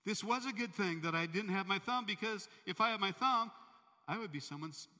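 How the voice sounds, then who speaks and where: A man voicing a proud, hot-tempered king in a spoken sermon story, with loud, exasperated outbursts. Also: fairly high pitch, brisk, in a large hall, voice pushed up. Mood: remorseful.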